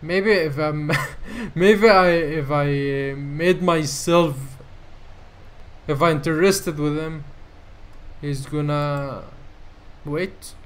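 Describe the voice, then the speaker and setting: Slow-talking excitable gamer man. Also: fairly high pitch. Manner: excitable, reads game dialogue aloud and laughs often. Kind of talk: let's play commentary.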